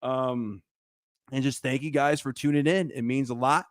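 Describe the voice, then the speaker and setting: A man hosting a casual sports talk show, animated and emphatic, often repeating his points. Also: mid-range voice, moderate pace, dry recording, studio quality.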